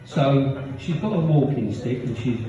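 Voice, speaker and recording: A man's voice: mid-range voice, lively intonation, measured pace, dark tone, faint music behind. A man doing a live stand-up set, delivering punchy jokes and acting out the characters in them. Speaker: stand-up comedian. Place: comedy pub venue with live audience. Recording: roomy, distant, dull live recording.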